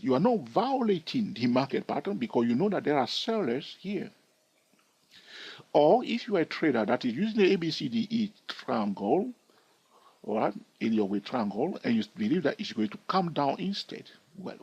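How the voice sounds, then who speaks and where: A man's voice: mid-range voice, sing-song, moderate pace, a little mellow, husky, dull audio. A man teaching trading over a chart, explaining step by step and often checking in with "all right?". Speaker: trading educator.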